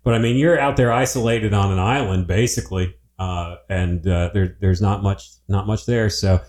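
A man's voice: on the low side, steady tone, moderate pace, a little mellow. A man hosting a podcast in an easygoing way, thanking a guest and reading out promos. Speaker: podcast host. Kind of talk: casual podcast interview. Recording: echoey room.

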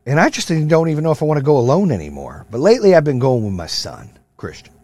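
A man in his thirties or forties hosting a podcast, ranting with lots of profanity in a fired-up motivational way, then dropping to a low, quieter voice for stories. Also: big pitch swings, fast talker, no echo. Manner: swings from loud rants to low, quieter storytelling. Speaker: podcast host. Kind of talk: casual monologue.

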